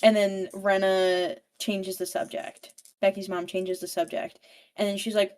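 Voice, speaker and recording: A young woman on a book podcast recaps a plot in an easy, animated rush, with plenty of swearing. Her voice sits at an ordinary middle pitch. She sounds casual and unscripted. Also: a little slow. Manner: profane, animated storytelling.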